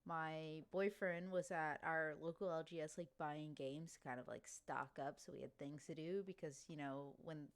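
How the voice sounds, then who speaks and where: A woman's voice: low-pitched, steady tone. Chatty Louisiana woman co-hosting. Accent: slight Cajun. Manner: chatty, lots of "like" and quick laughs. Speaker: podcast co-host. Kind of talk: casual chat.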